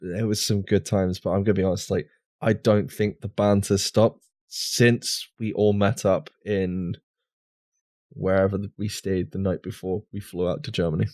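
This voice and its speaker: A man co-hosting a gaming podcast in a loose, rambling chat. His voice sits on the low side. The sound is close and dry, with no room around it. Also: flat delivery, normal speed, darkish tone, no echo. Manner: rambling, restarts, filler words. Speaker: podcast co-host. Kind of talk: casual chat over drinks.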